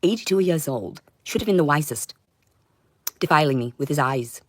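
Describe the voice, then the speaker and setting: A woman delivering a rambling livestream monologue in an intense, confrontational way, swinging between loud outbursts and low muttering. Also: lively intonation, normal speed, no echo.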